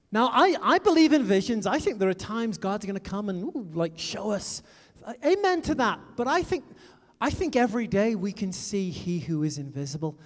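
A man preaching a sermon, telling stories with lively emphasis that drops into hushed asides. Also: high voice, fairly quick. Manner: animated storytelling, swinging from loud emphasis to hushed asides. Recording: long reverb of a church hall.

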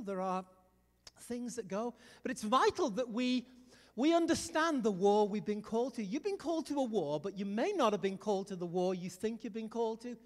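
A man from England with a Liverpool accent, preaching a sermon in a lively, chatty way with jokes to the congregation. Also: high-pitched, in a large hall. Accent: Liverpool English. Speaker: pastor.

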